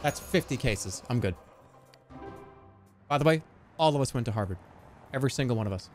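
A man streaming a game live, giving excitable, profane, self-mocking commentary as he plays. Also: medium pitch, a little fast, soft background music.

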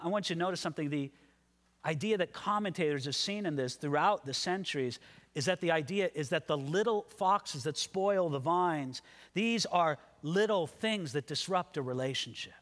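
Male pastor with a high voice, animated sermon delivery, long hall reverb. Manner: animated, acts out quoted voices. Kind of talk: expository sermon.

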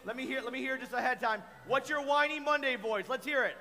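A man teaching a children's Bible lesson at church, playful and animated, quizzing the kids. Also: extremely high pitch, fast talker. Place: church kids' room. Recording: echoey hall reverb.

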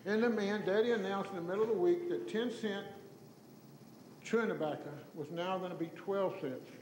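High-voiced older Texan man in echoey hall. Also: normal speed. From Tyler, Texas. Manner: animated, acts out voices in his stories, chuckles. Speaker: storyteller giving an oral history. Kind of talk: folksy anecdotal talk to an audience. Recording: echoey hall recording with faint noise.

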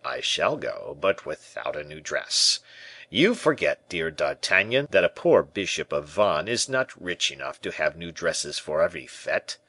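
A man voicing a sly, evasive male bishop in a storybook reading, smooth and guarded. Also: rumbling low, sing-song, measured pace, sharp tone, no room sound, voice pushed down, exaggerated voice.

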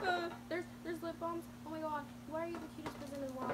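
High-voiced young woman unboxing gifts, gushing and cursing, loud noise in the background. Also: fairly even intonation, fast, few pauses. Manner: gushing, emotional, swears, exclaims often. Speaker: vlogger. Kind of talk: excited unboxing chat.

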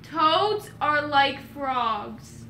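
Loud playful high-voiced woman. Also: animated, very slow, reverberant. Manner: playful, shouts and repeats phrases loudly. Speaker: vlogger. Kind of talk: casual party game chat.

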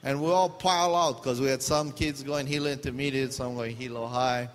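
A man's voice: medium pitch, brisk. A middle-aged man from Hawaii with a Pidgin-tinged accent, telling funny stories in a sermon as a pastor. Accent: Hawaiian Pidgin-tinged English. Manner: animated, humorous, laughs mid-story. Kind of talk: storytelling sermon. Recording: long hall reverb, faint background noise.

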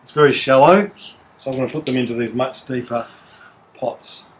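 A man talks through a gardening task at a relaxed, chatty pace, his voice sitting at an ordinary middle pitch. He speaks gently and informally, chatting to the camera person as he works at the bench. Faint noise hangs in the background. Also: moderate pace. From Australia. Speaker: home gardener demonstrating seedling transplanting. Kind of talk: casual how-to demonstration with some scripted narration.

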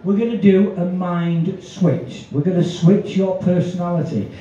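A man running a live hypnosis show, his voice a touch high yet dark in tone. He coaxes people with long, drawn-out commands and ribs them with foul-mouthed banter. The recording is muffled and picked up from a distance in a very reverberant space. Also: a little hiss or hum. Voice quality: profane, teasing banter. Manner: drawn-out soothing commands between brash jokes. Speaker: stage hypnotist. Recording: dull, echoey live recording from afar.

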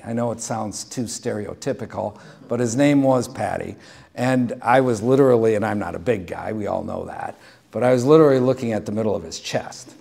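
A middle-aged pastor delivering a sermon in an ordinary mid-range male voice. He talks in a relaxed, storytelling way with dry humor, easing between plain teaching and anecdotes. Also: medium pitch, gravelly.

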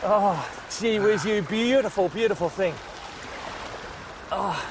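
A man's voice: high voice, slow, heavy background noise. An Australian man hosting a fishing show from a boat, exclaiming and laughing as he commentates. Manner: exclaiming, laughing, calls his mate an idiot. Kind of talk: excited on-camera fishing commentary. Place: outdoors on a boat at sea. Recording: old TV footage with loud music. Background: loud music, boat.

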